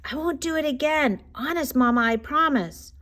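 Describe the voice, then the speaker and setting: A woman reading a storybook aloud, voicing a huge male giant who brags loudly and whimpers before his mother. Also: sits high, normal speed, pitched above the performer's own voice. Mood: whimpering. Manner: loud boasting, then whimpering.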